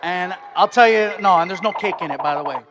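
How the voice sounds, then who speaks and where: A man doing a stand-up comedy set, telling animated stories and switching into put-on voices. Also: high-pitched, brisk, background noise.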